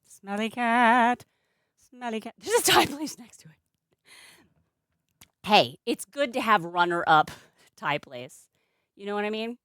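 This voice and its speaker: A woman's voice: medium pitch, very animated, measured pace, long pauses, a bit bright, no room sound, clean studio sound. A young adult woman streaming live at home, chatting casually with a playful, sing-song manner. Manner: playful, sing-song baby talk to her cat. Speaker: streamer and balloon artist.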